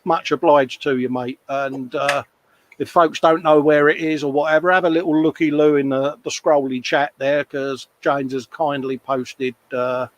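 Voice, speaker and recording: A man's voice: a little high, fairly even intonation, normal speed, slight background noise. A British man co-hosting a casual live stream from his hobby workshop bench, bantering and reading out viewer comments. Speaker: co-host of a live modelling stream.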